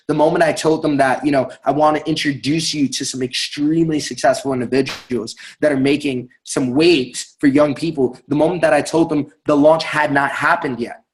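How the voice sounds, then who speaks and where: Energetic young man giving a sales pep talk. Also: a little high, poor audio. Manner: energetic, emphatic, repeats words and asks "right?". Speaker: network marketing speaker.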